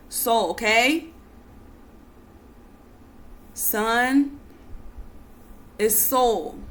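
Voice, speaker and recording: A woman with a fairly high voice gives an unhurried spiritual teaching, drawing out her words. She soothes her listeners again and again, then leans hard into her key points. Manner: soothing, coaxing, repeats "breathe" and "calm down", swells to emphatic bursts.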